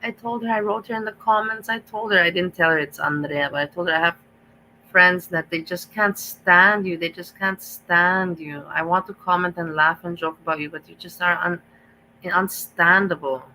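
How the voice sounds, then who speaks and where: A woman's voice: lowish voice, normal speed, bright, forceful tone, a little hiss or hum, poor audio. A woman hosting a live reaction stream, talking in a rambling, gossipy way that repeats itself and restarts often.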